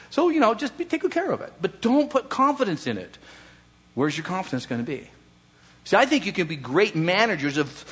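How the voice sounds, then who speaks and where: Male pastor, slightly high voice, conversational sermon delivery that swings from hushed to emphatic. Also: husky.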